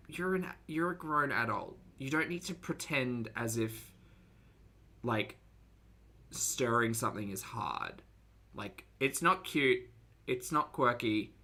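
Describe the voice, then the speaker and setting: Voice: mid-range voice, sharp tone. Blunt, sarcastic streamer. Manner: blunt, sarcastic, swears freely. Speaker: streamer reacting to videos. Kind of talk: live-stream commentary to chat.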